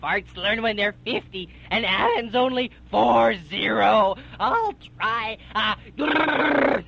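A woman's voice: on the high side, slow, vocal fry, fairly bright tone, slightly rough, full character voice. A woman playing an exasperated caller in a homemade comedy radio play, who mutters asides to herself. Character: exasperated woman caller on a bad phone line. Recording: dull lo-fi recording.

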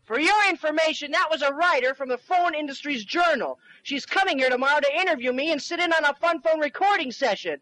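A man acting in a comedy skit, excitable and quick-tempered, with a whiny edge. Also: very high-pitched, no echo, poor audio. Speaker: comedy phone-tape performer.

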